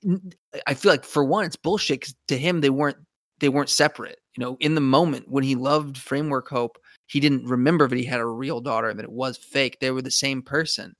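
On a podcast, a male co-host chats casually about a TV show, rambling loosely and often restarting his sentences. His voice is medium-pitched and fairly bright, with fairly even intonation and a fairly quick delivery. The recording is dry, with no room sound.

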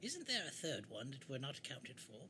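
A man's voice: mid-range voice, wildly swooping pitch, brisk, bright, forceful tone, slight background noise. Casting: man playing a prim, bossy wizard, commanding tone, tabletop game. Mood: haughty.

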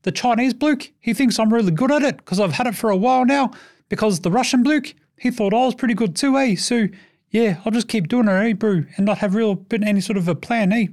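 Man putting on a rambling Kiwi sports executive, pitched high, loose drawl, comic sketch. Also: a little fast, a little mellow. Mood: smug rambling. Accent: put-on New Zealand. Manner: drawled with repeated "eh" tags. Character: bumbling male basketball executive, laid-back, rambling.

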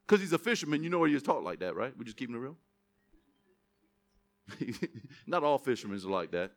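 A man preaching a lively sermon in church, reading scripture and mixing in joking asides to the congregation. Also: medium pitch, a little fast, pauses often. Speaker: pastor.

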